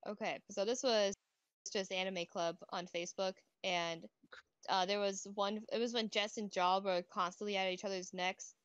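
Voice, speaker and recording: A woman chats casually as a podcast co-host, giggling and laughing often. Her voice sits at a middle pitch. The recording is dull and lo-fi, with a dry, close feel. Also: fairly even intonation, normal speed, a bit bright, smooth, no room sound. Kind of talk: casual chat.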